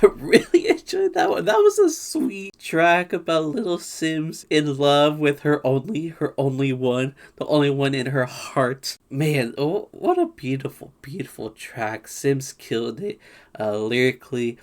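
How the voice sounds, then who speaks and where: A man's voice: a little high, big pitch swings, unhurried. An American man hosting a casual album reaction, thinking aloud with small restarts and chuckles. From United States. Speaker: music reaction channel host.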